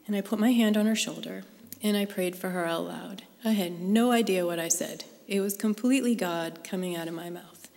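A woman's voice: mid-range voice, fairly quick, creaky, darkish tone. A woman sharing a personal faith story with a live group, in an earnest, conversational way. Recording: long hall reverb.

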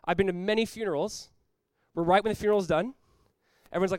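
Fast, emphatic man preaching a sermon. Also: sits high, steady tone, no room sound, rough recording. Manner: earnest, emphatic, repeats words while building points; acts out short quoted voices. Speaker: pastor.

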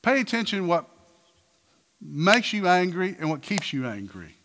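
A man preaching a sermon in a church, animated, firing rhetorical questions and acting out quotes. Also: high voice, a little slow, long reverb tail, slight background noise. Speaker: pastor.

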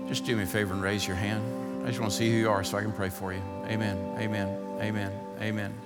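A male pastor preaching a sermon in a church, building to fired-up shouting and easing into a softer prayer. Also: fairly low pitch, little pitch movement, fast, big-room sound, loud music behind the voice. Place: church sanctuary.

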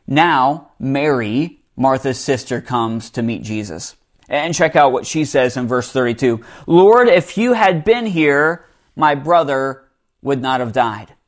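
Male pastor, fairly high voice, conversational sermon with quiet emphatic drops. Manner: conversational preaching, dropping to a hush for emphasis.

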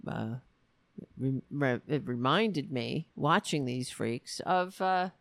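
A woman's voice: low-pitched, dry recording. A woman hosting a political commentary show, ranting in a sarcastic, profane, exasperated way.

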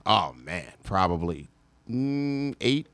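A man's voice: fairly low pitch, big pitch swings, takes it slowly, a bit bright, dry recording. A man from Denver, a comedian guest on a live talk show, telling stories in a laid-back, profane way. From Denver, USA.

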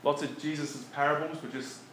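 A man preaching in a relaxed, conversational way, often chuckling between his points. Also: a little high, fairly quick. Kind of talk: conversational sermon. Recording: echoey room with faint background noise.

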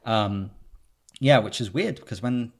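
A man's voice: on the low side, husky. Chatty man co-hosting a movie podcast. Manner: chatty, jokey, quick to riff. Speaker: podcast host. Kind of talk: casual chat.

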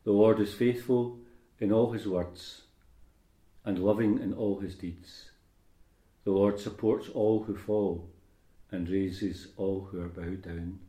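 Deep-voiced priest in echoey church. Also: male voice, fairly even intonation, warm tone. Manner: measured, unhurried delivery with fillers in homily. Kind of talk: liturgical reading and homily. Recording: roomy church echo.

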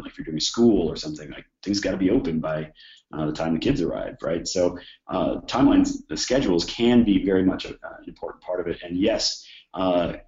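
A man's voice: sits low, darkish tone, roomy sound, lo-fi sound. A man with a cold, explaining contract and scheduling points in an informal lecture, with plenty of "uh" and "um" along the way. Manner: conversational, many fillers and restarts. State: hoarse from a cold. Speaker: instructor. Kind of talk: informal exam-prep lecture.

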